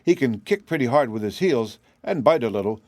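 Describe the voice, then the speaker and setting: A man's voice: mid-range voice, animated, fairly quick, darkish tone, no room sound, close to an everyday voice. A man reading an audiobook, voicing a young girl who talks plainly and eagerly.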